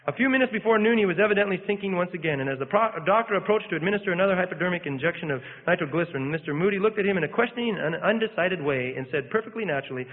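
A man's voice: a little high, lively intonation, rapid-fire, hardly any pauses. A man preaching a sermon, reading an account aloud with fervent, rising and falling emphasis. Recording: phone-like sound in a reverberant hall.

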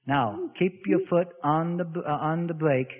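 A man's voice: on the high side, moderate pace. A man preaching a sermon in a folksy way, illustrating his points with everyday stories, heard on a lo-fi radio broadcast in an echoey hall.

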